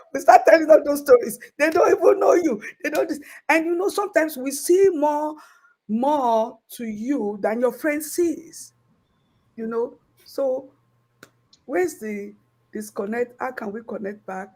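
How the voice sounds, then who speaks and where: A woman from Africa with an African accent, hosting a talk show discussion, animated and emphatic, laughing often. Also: sits high, unhurried. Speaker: host.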